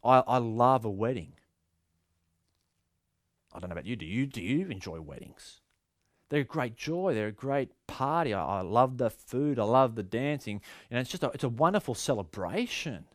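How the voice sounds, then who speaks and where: A man's voice: medium pitch, animated, moderate pace, no echo, clean studio sound. A male pastor with an Australian accent, giving a sermon in a conversational, storytelling way with frequent restarts.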